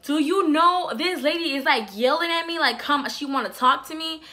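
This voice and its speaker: An alarmed mother bursts in, exclaiming in a raised, bright voice, as her daughter imitates her. Her words come in a rush of shock. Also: sits high, moderate pace, pitched above the performer's own voice. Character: alarmed middle-aged mother.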